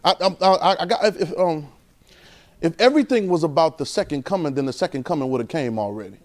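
Male preacher with a high voice, casual and animated delivery, repeats himself for emphasis. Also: quick pace. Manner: animated, repeats phrases, swings between loud and soft. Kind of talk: informal conversational sermon.

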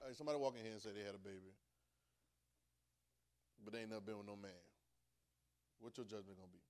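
Dialect-speaking preacher swinging from soft to loud. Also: male voice, lowish voice, fast talker, smooth. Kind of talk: sermon.

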